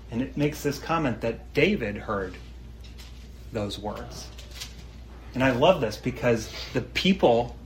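A mid-range male voice preaches a sermon in a low-quality recording with a little hiss or hum. He reads scripture aloud, then explains it earnestly and conversationally, frequently asking his listeners questions.

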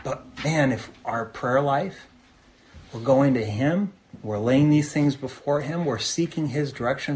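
A man's voice: medium pitch, unhurried, darkish tone, slight background noise. Earnest man preaching conversationally. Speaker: pastor. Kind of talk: sermon.

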